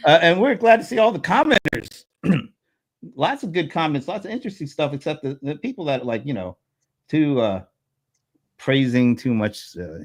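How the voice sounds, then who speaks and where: A man hosting a casual panel chat, relaxed and rambling, with fillers and restarts. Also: a little high, moderate pace. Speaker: host.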